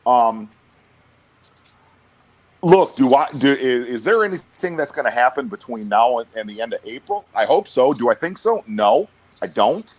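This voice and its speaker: A middle-aged man talks bluntly in a casual podcast chat. His pitch swings widely as he gets worked up, and he often stumbles and repeats himself before landing a point. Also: moderate pace. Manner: blunt, animated, lots of restarts and stammered repeats. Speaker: guest.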